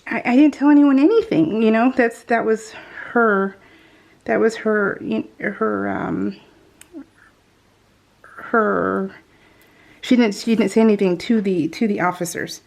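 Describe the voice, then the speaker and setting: A woman's voice: mid-range voice, fairly even intonation, slow, creaky, pauses often. A middle-aged woman telling a family story over a crafting video, chatty and laughing often, with many restarts. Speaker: scrapbooking vlogger.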